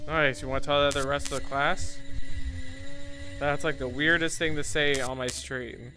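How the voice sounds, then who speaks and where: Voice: mid-range voice, animated, normal speed, sharp tone. A live streamer talking through a horror game on a headset mic, swearing freely and shrieking when startled. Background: game music.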